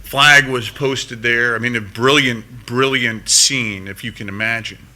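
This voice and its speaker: Speaking unhurriedly in a steady, bright, pushed mid-range voice, this middle-aged U.S. veteran recounts a combat experience to a conference audience from the stage. He's earnest, and words get repeated as his pace quickens.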